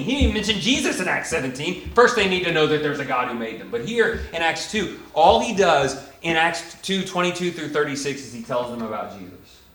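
Animated male preacher in an echoey room. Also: a little high, a little fast. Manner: animated, swings from hushed to loud when voicing imagined speakers. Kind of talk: sermon.

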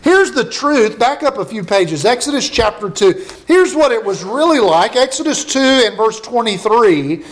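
A man's voice: extremely high pitch, big pitch swings, normal speed, few pauses. A pastor preaching a conversational sermon and reading scripture passages aloud to his congregation.

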